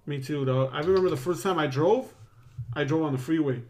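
A man's voice: a little high, fairly quick, a little mellow. A man telling a long story in casual podcast chat, rambling, slangy and full of swearing.

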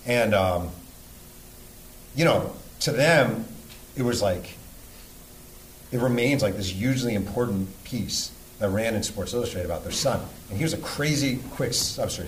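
Speaking at a moderate pace in an animated, medium-pitched voice, this New York podcast host and sportswriter shares a heartfelt, emotional story before a live crowd, cursing bluntly. The low-quality recording is reverberant, with a little hiss or hum.

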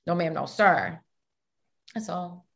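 A woman co-host with a lowish, gravelly voice talks in loose, slangy podcast chat. She is blunt and swears freely. She sounds like she is recorded from home for a remote show. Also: very animated, slow. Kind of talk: casual chat.

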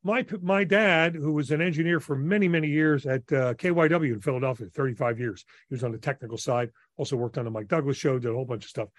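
A man's voice: medium pitch, fast talker, hardly any pauses, dry recording. Enthusiastic older radio DJ, man. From New Jersey. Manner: enthusiastic, animated storyteller. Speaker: radio DJ, guest. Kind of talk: casual interview storytelling.

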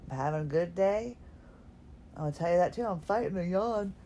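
A woman's voice: lowish voice, animated, moderate pace, warm tone, slight background noise. A woman hosting a podcast, talking casually from her bed at home in a rambling, self-deprecating way, yawning now and then. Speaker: podcast host. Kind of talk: casual solo podcast talk.

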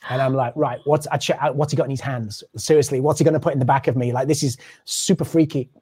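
A touring drummer telling a story in an interview, animated and acting out the people he quotes. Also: mid-range voice, fast, slightly rough.

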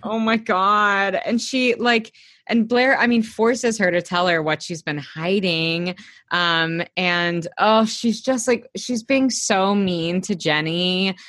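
A woman's voice: medium pitch, steady tone, slow pace, fairly bright tone, no echo, studio quality. A woman co-hosting a casual podcast, recapping a TV episode in a gushing, swearing way and acting out the characters' lines. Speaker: podcast co-host.

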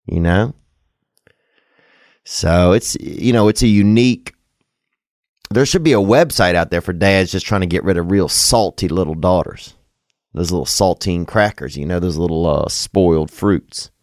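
A man's voice: low voice, moderate pace, no echo, studio quality. A man hosting a casual call-in podcast, rambling and joking crudely, then giving earnest advice. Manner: loose, rambling, crude jokes with sincere advice. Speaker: podcast host taking calls. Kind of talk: casual call-in show chat.

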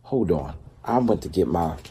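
A man's voice: low voice, expressive, normal speed, warm tone, a little hiss or hum. A man talking casually and candidly in a rambling way about prayer and life, often laughing. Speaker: vlogger. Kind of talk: casual devotional talk.

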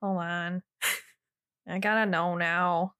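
A woman's voice: lowish voice, little pitch movement, slow pace, fairly bright tone, no room sound, clean studio sound. A young woman co-hosting a podcast, chiming in with laid-back reactions and questions. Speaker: podcast co-host. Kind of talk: casual chat.

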